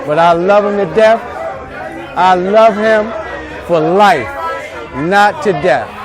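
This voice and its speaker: A man with a high voice speaks slowly and haltingly in an emotional tribute to his friend. Music and crowd noise sit clearly under him. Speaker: close friend giving a tribute. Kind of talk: casual spoken tribute. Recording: music and crowd chatter behind.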